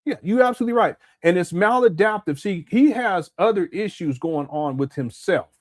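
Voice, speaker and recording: A man's voice: sits high, animated, normal speed. Guy from socal doing live stream commentary, talky, bouncy voice, reads chat. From Southern California. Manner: conversational, repeats words, answers chat comments. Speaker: commentary host.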